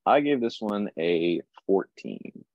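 A young man co-hosting a casual album review podcast, enthusiastic and quick to laugh. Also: low voice, sing-song, gravelly, a little mellow, dry recording, dull audio. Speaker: podcast co-host.

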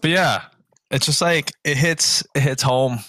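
A man in casual podcast chat from a remote call, earnest and halting, with many restarts. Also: a little high, pushed and bright, no echo. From New York. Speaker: podcast co-host.

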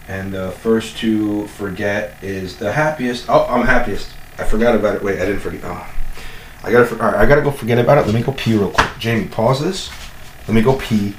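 A man's voice: on the low side, fast talker, a little hiss or hum, rough recording. A man hosting a comedy podcast from his home kitchen, rambling with joking bravado and constant self-corrections. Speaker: podcast host.

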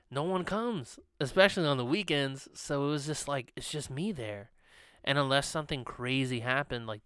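A young man co-hosting a podcast tells long, rambling stories in casual chat, full of fillers and laughter. His medium-pitched voice is smooth and a bit bright. He's on a studio podcast mic, with clean studio sound and no room sound.

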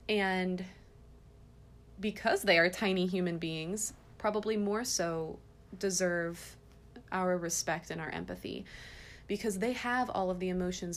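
A woman in her thirties talks casually on her parenting podcast, with a slightly low voice. She tells stories in an earnest, gentle way, and a faint noise sits under her speech. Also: vocal fry.

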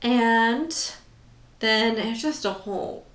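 A sarcastic woman co-host recaps a film in loose, swearing chat. Her voice sits fairly high. The sound echoes in a roomy space. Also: a bit bright. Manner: swearing, sarcastic, quick asides. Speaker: podcast co-host. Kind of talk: casual movie recap chat. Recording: roomy echo.

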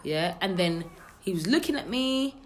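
A young woman, telling a story in casual chat, animated and gossipy, full of slang. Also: mid-range voice, moderate pace, slight background noise.

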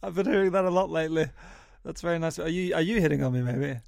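Stammering, flustered man, slightly high voice. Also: fast, vocal fry, darkish tone, dry recording, clean studio sound. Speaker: host of a comedy bit. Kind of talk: improvised comedy sketch.

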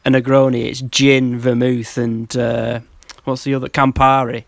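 A man's voice: mid-range voice, level tone, a little slow, gravelly. A man chatting casually on a podcast, telling travel stories and laughing often. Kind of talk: casual chat, anecdote telling.

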